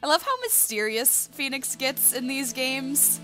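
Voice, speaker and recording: A woman talks casually through a game playthrough, chatty and loose, with many small fillers and asides. Game music plays clearly under her voice. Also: sits high, very animated, measured pace. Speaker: let's play host.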